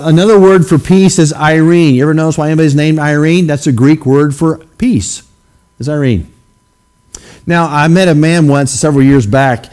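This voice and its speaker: A man preaching a sermon to his congregation in a conversational way, often checking in with the room with a quick "okay?". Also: on the high side, a little mellow. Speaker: pastor. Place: church sanctuary.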